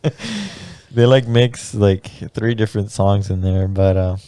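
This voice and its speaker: A man's voice: lowish voice, steady tone, unhurried, mellow, clean tone, no echo, clean studio sound. A podcast co-host, a man and mariachi musician, chatting casually, laughing often and rambling through stories with many fillers. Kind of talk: casual chat.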